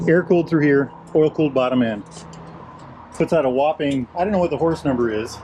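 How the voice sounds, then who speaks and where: A man's voice: a little high, darkish tone, a little hiss or hum. An older man reviewing a motorcycle outdoors in a casual, enthusiastic style. He keeps repeating his praise. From United States. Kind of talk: casual review walk-around. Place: outdoors at a motorcycle dealership lot.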